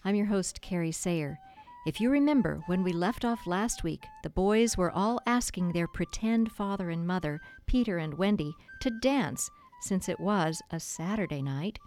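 A middle-aged woman hosting a children's program, reading a classic story aloud with expressive, gently dramatic narration. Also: mid-range voice. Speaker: host.

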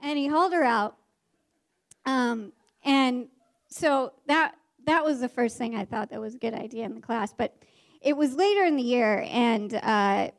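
A woman, a former teacher, tells a story from her classroom. Her voice sits a little high. She tells it in a lively, animated way, slipping into the voices of the people in the story. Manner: animated, acts out the characters' voices.

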